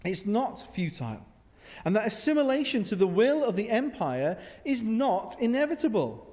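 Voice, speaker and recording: Wry, animated male pastor, high voice, long church reverb. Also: moderate pace. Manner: humorous, animated, sarcastic. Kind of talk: sermon.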